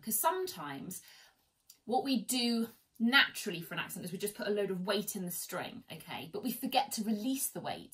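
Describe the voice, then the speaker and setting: A woman's voice: mid-range voice, sharp tone, low-quality recording. A woman teaching an online violin lesson from home, chatty and encouraging as she counts students in. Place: at home, seated. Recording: faint violin in background. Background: violin playing.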